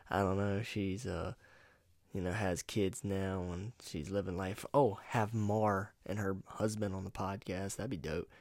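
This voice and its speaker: A man's voice: low voice, steady tone, a little slow, darkish tone, no echo, studio quality. A man hosting his own solo podcast, rambling in a casual, profane, laid-back way into a USB microphone at home. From North Carolina. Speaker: podcast host.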